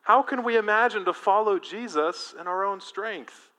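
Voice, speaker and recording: A male pastor preaching a sermon in an animated, emphatic way, engaging his congregation directly. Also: high voice, normal speed.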